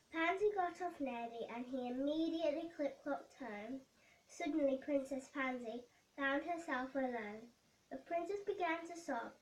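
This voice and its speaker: A woman reading a children's bedtime story aloud in a gentle, careful way. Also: sits high, unhurried, far from the mic. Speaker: storybook reader. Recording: roomy echo.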